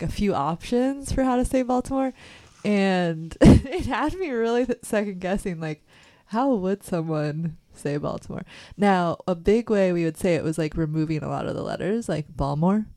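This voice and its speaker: Female radio co-host, warm low voice, dry studio sound, giggly and teasing. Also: expressive, normal speed, no room sound. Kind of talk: casual radio banter.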